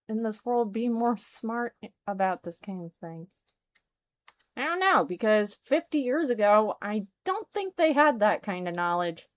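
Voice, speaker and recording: A woman streaming a game, chatting casually and exclaiming as she plays. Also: fairly high pitch. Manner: chatty, exclaims and reacts aloud. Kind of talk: casual let's-play chat.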